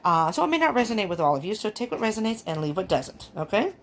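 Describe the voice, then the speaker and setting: A woman from California gives a casual, rambling tarot reading from an upstairs room at home, chatty and laughing often. Her medium-pitched voice is fast with big pitch swings, and faint fan noise hums in the background.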